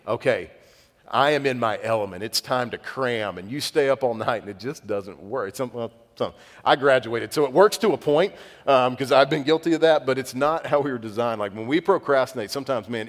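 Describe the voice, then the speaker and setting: Pastor preaching in a reverberant hall. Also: male voice, mid-range voice. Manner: conversational, self-deprecating storytelling. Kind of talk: sermon. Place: church sanctuary. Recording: long reverb of a church hall.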